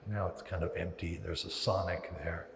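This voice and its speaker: A man's voice: low voice, normal speed. A man preaching a sermon as pastor, telling stories and acting out the voices in his head. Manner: animated storytelling with acted-out inner voices. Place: large church hall. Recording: long reverb of a large hall.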